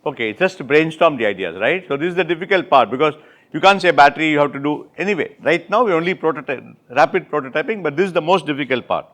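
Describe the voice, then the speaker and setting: A man with an Indian English accent running an interactive classroom workshop, repeating and rephrasing students' answers with brisk praise. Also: a little high, lively intonation, fairly bright tone. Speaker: workshop instructor.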